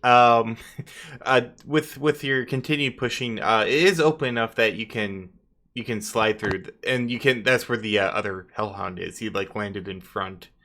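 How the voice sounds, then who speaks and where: A man's voice: fairly low pitch, moderate pace, pushed and bright. A man running a tabletop game as game master, narrating loosely with chuckles and fillers.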